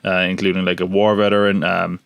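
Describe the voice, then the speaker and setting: A man's voice: low-pitched, flat delivery, fairly quick, gravelly, no room sound. A man hosting a casual solo podcast, chatty and joking, with lots of fillers and restarts. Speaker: podcast host.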